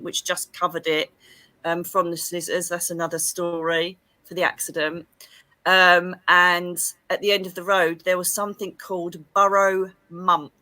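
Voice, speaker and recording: Bright-voiced English woman telling a story. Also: lowish voice, dry recording. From England. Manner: lively, expressive, acts out quoted dialogue. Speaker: psychic medium guest. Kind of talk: animated storytelling in an interview.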